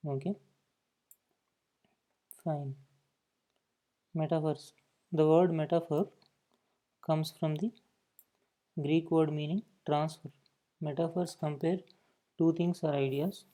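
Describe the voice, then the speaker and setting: Guy teaching grammar, mellow dark voice, keeps saying okay. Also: on the high side, steady tone, takes it slowly, pauses often. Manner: explanatory, repeats "okay" between points. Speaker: English teacher. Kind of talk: classroom lesson explaining grammar.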